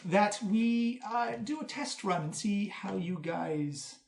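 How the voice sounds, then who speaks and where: A man with a somewhat high voice narrates a tabletop game as its game master. He tells the scenes with animated, lively detail. The recording carries a noticeable room echo. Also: slow pace, creaky. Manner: animated storyteller, lively descriptions.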